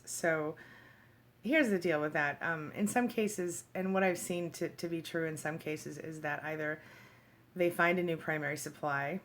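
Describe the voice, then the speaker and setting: A woman hosting a casual livestream from her phone, chatting with viewers, greeting them by name and reading their comments aloud. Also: low-pitched. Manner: laughs easily, talks in quick bursts. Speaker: livestream host. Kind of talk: casual live chat with viewers.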